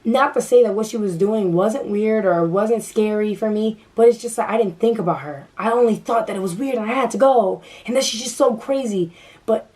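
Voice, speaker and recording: A woman's voice: medium pitch, moderate pace, darkish tone, poor audio. Nervous young woman telling a story. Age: young adult. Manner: nervous, stuttering, restarts often. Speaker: vlogger. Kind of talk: casual storytime monologue.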